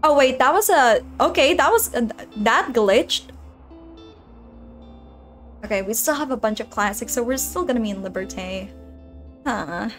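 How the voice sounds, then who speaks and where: A woman streams a game and chats casually with her viewers, giggling and rambling as she plays. Her fairly high voice is expressive and unhurried, with long pauses, and faint music plays behind her.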